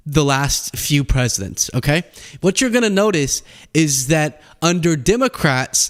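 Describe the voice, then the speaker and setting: A young man hosts a casual political commentary show, telling animated stories and acting out the people in them, using high voices for those he quotes.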